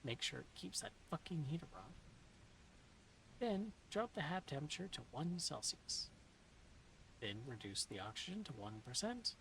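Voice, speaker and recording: A woman reading a novel aloud in a soft-spoken ASMR style, slipping into whispers now and then, with dry, deadpan humor. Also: deep voice, moderate pace, vocal fry, pauses often, slight background noise, low-quality recording. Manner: soft, dips into whispers at times.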